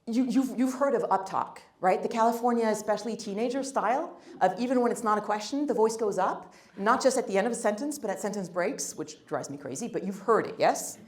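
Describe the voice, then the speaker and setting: A woman with a fairly high, slightly mellow voice gives a blunt, emphatic workshop talk on first impressions as a guest speaker, speaking briskly with hardly any pauses. She makes joking asides to the audience, and the meeting room has a roomy echo.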